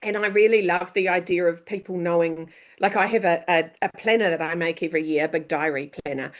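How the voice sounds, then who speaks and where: Interviewed as a guest, a female author and leadership coach gives motivational talk in a fairly low voice with fairly even intonation and a fairly quick pace. She is upbeat and emphatic, acting out short back-and-forth dialogues as she goes.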